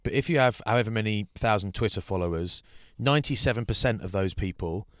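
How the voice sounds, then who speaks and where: A man co-hosting a casual chat, telling anecdotes in an animated way and mimicking other people. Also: fairly low pitch, quick pace, no room sound, clean studio sound. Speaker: podcast co-host.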